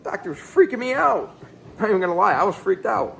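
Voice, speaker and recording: Animated man in his thirties telling his story. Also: quick pace, creaky, slight background noise, poor audio. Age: 30s. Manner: animated, swings between excited outbursts and low asides; blunt and casual, with some swearing. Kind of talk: candid personal storytelling.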